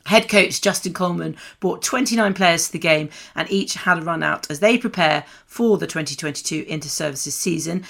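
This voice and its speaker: A woman's voice: on the low side, vocal fry, fairly bright tone. A woman co-hosting a forces radio show, chatting casually with many fillers and reading sports news. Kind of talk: casual chat and news read.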